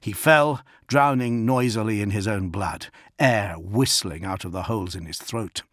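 A man narrating an action audiobook in an intense, expressive way. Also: lowish voice, unhurried, no room sound, clean studio sound.

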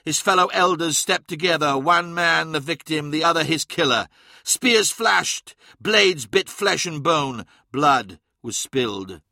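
A man reading an audiobook in a measured, dramatic way. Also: fairly high pitch, lively intonation, vocal fry, pushed and bright, dry recording, studio quality. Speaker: narrator. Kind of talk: scripted audiobook narration.

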